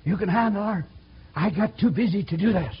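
A man preaching a sermon in a church, folksy and animated, acting out quotes with sudden loud outbursts. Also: high voice, a little fast, breathy edge. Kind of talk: sermon with storytelling. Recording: dull lo-fi recording.

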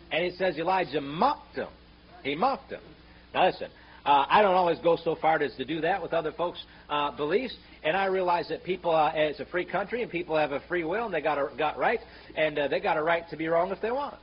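A man preaching a fiery sermon, sarcastic and mocking, rising to shouts when he quotes scripture. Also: fairly high pitch, slightly rough. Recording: muffled, slightly noisy sermon recording.

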